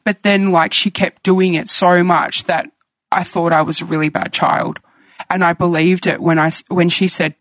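A woman's voice: fairly low pitch, steady tone, moderate pace, no echo, poor audio. A woman in her thirties speaking candidly as a guest, telling her own story in a reflective way. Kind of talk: personal conversation.

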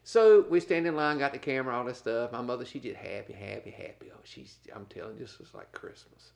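A middle-aged man from North Carolina, an animated storyteller laughing through a casual podcast chat as co-host. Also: mid-range voice, fast, creaky.

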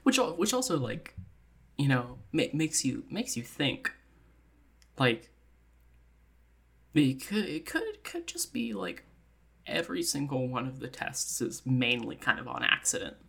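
Very low-voiced woman telling stories. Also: a little slow, gravelly, pauses often, a little hiss or hum. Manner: animated storytelling with acted-out quotes and frequent laughter. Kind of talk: casual comedic retelling.

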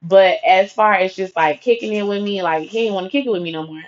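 A young woman tells a personal story in blunt, profane everyday talk, slipping into the voices of the people in it as she goes. Her pitch sits in the middle of the usual range. The recording is dull and lo-fi, with muffled highs. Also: quick pace. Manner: profane, lively retelling full of quoted dialogue.

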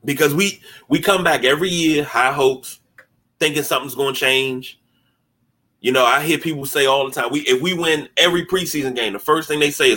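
A man hosting a sports podcast in casual talk, animated and mocking, often stumbling over repeated words as he starts a thought. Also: fairly high pitch, brisk, husky. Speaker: podcast host.

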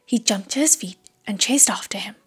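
A woman reading an audiobook in a hushed, measured whisper. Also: mid-range voice, breathy edge, faint music behind. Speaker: audiobook narrator.

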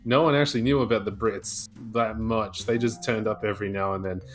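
A man's voice: on the low side, steady tone, fairly quick, faint music behind. A man telling a rambling, profane, joking history rant in a casual podcast chat over a video call. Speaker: podcast co-host. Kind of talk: casual chat, comic storytelling.

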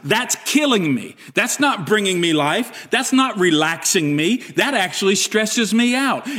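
Man, pastor, high voice, lively emphatic sermon delivery. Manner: animated, emphatic preaching with acted-out inner dialogue.

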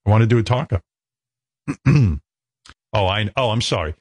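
A man's voice: lowish voice, normal speed, dry recording. A man hosting a radio show, telling stories in a casual, joking way with some swearing. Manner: joking, profane, animated storytelling. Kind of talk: casual chat.

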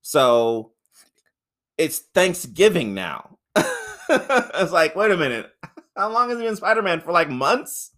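A man co-hosting a podcast, reviewing a film in casual, profane, rambling chat, laughing often and acting out characters in high voices. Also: very animated, takes it slowly, pauses often, fairly bright tone. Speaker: podcast co-host.

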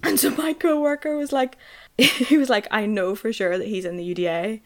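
A woman's voice: on the high side, steady tone, normal speed. A young woman with a Northern Irish accent, casually telling stories, swearing freely and peppering her speech with "like".

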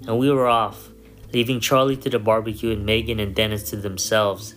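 A man reads a first-person story in a calm, measured voice. His voice sits on the low side, and faint guitar plays quietly underneath. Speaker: narrator. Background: soft guitar music.

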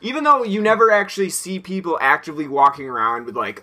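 A man with a bright, slightly high voice, chatting easily with a co-host. He keeps a loose, laid-back rhythm, laughs readily and fills gaps with ums and likes. The talk stays unhurried and friendly. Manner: laid-back, laughs often, trails off with fillers. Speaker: podcast co-host. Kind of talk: casual chat.

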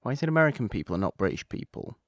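A man's voice: mid-range voice, very animated, very fast, fairly bright tone, no echo, studio quality. A man talking casually about a film, rambling and correcting himself as he goes. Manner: rambling, restarts, self-correcting. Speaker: podcast co-host.

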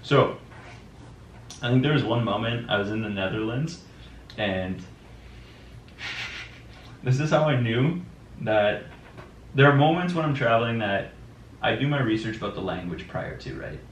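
A man telling travel stories in casual chat, animated and quick to act out what people said. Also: medium pitch, a little hiss or hum. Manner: animated storyteller, quotes people in lively voices. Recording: roomy, distant mic with faint background.

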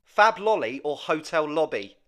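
A man co-hosting a casual comedic podcast, dry and low-key, firing off quick quiz questions. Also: very animated, pushed and bright. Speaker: podcast co-host.

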